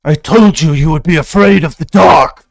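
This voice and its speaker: A man's voice: a little high, moderate pace, creaky, dry recording, pitched above the performer's own voice. A maniacal beast, as a man voices him. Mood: taunting. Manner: taunting, cackling menace. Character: maniacal male beast who kidnaps children.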